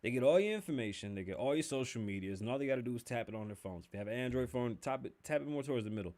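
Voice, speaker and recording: Young male podcast host, casual and joking, mid-pitched voice, chatty delivery that swears freely. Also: expressive, rapid-fire, darkish tone. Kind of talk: casual livestream podcast with sponsor read.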